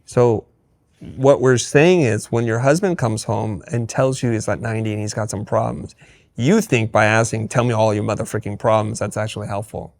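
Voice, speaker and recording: Guy with a low gravelly voice, guest on a chat show, acts out the back-and-forth, blunt and kinda dry-funny. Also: normal speed, no room sound. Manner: animated storyteller acting out quoted dialogue; blunt, wry humor. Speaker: podcast guest. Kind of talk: candid interview conversation.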